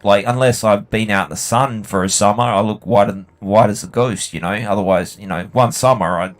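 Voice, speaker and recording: A young Australian man with a lowish voice talks a little fast as he plays a game. He's a gaming video host, chatting casually, speaking bluntly, and swearing freely.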